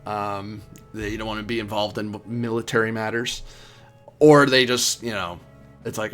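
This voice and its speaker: A man's voice: fairly low pitch, moderate pace, fairly bright tone, faint music behind. A man narrating a tabletop game as game master, in a casual, rambling way with many fillers.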